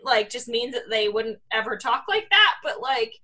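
A woman's voice: fairly high pitch, sing-song, moderate pace, sharp tone. A young woman co-hosting a podcast, chatting casually and reacting with giggles. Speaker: podcast co-host. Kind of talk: casual chat.

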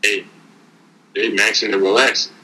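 A man's voice: fairly low pitch, flat delivery, moderate pace, pushed and bright, a little hiss or hum, rough recording. A man giving casual, streetwise motivational talk as a podcast co-host, preaching and repeating words as he builds each point.

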